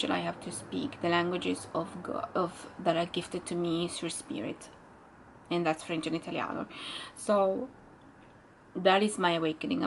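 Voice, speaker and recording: A woman's voice: fairly low pitch, vocal fry, slight background noise, poor audio. A woman vlogger telling a spiritual storytime in a rambling, musing way, with many restarts and fillers and a laugh now and then. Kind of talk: casual storytime monologue.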